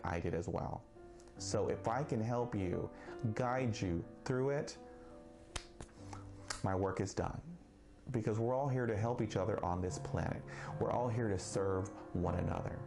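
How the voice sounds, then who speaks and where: A man speaking slowly and earnestly about his own life in a personal vlog, with occasional stuttered restarts. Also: lowish voice, gravelly, darkish tone. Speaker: vlogger sharing his experience of stuttering.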